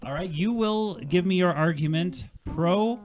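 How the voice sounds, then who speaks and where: A man hosting a comedy debate show, teasing his guests and laughing through quick asides. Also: sits high, a little mellow. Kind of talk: playful live-stream banter.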